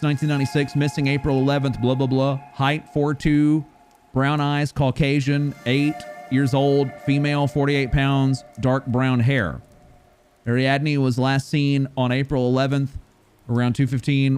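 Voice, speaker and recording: A man streaming a video game live, chatting playfully and rambling, sometimes loud and sometimes mumbling. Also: mid-range voice. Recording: faint music behind the voice.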